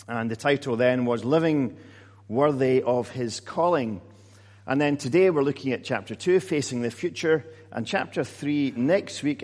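A man preaching a sermon in a conversational way, often pausing with fillers and repeating words. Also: medium pitch, a little mellow. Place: church hall. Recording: long hall reverb.

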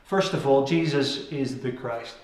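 A man's voice: mid-range voice, a little slow. A man preaching a sermon, earnest and reflective, letting his voice sink at the end of key phrases. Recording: very echoey room.

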